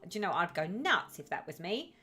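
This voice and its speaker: A woman's voice: on the low side, very animated, fairly quick, pushed and bright. A woman hosting a casual live stream, chatting and reading out viewers' comments with effusive sympathy.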